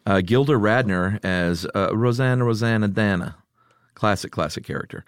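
A man's voice: on the low side, moderate pace, clear, resonant tone, no room sound, studio quality. A middle-aged man hosting a podcast in casual chat, reading listener picks aloud and laughing often. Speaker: podcast host.

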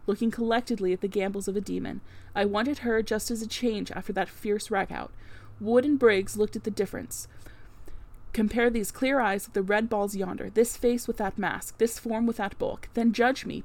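A woman's voice: medium pitch, a little mellow. Woman reading a classic novel aloud. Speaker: audiobook narrator. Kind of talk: scripted narration of a classic novel.

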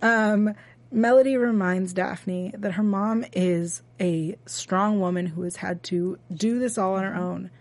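A woman's voice: mid-range voice, fairly even intonation, darkish tone, no echo. Chatty woman co-host, dry studio sound. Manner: chatty, halting with many fillers and restarts. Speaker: co-host of a TV after-show. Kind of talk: casual chat recapping an episode.

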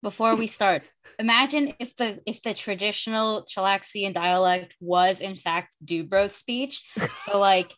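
A woman's voice: mid-range voice, fairly even intonation, measured pace, fairly bright tone, no room sound, rough recording. A woman playing in a tabletop game, blunt and casually swearing. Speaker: player.

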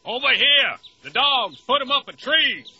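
A man playing a suspicious, gruff rural dog handler, blunt and folksy. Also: very high voice, expressive, a little slow, pushed and bright, slight background noise, heavily acted. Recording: dull lo-fi audio.

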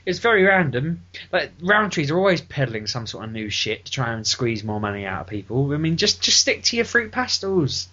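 A man co-hosting a podcast, telling stories in a casual, animated way and swearing freely. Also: medium pitch, fairly quick, few pauses. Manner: animated, swearing, laughing through his stories. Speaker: podcast co-host. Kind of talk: casual storytelling chat. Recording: dull lo-fi podcast recording.

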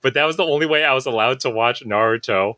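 A man's voice: medium pitch, fast talker, no room sound. A man in his thirties on a podcast, telling a childhood story in casual chat, acting out what his friends said. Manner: animated storyteller, acts out quoted friends. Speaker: podcast co-host.

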